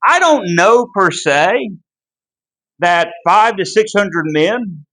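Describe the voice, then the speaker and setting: A man leads a Bible study lesson in an unhurried, deliberate way. His voice sits high for a man. He is earnest and emphatic, almost pleading when he drives a point home. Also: expressive, bright, forceful tone, poor audio. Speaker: Bible class teacher.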